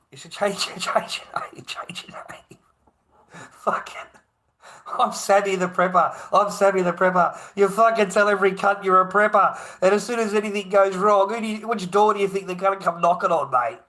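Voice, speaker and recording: Australian man, live-stream host, rambling chat, bright tense tone, slightly high voice, salty language. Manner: swears a lot, laughs often, calls people mate. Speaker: livestream host.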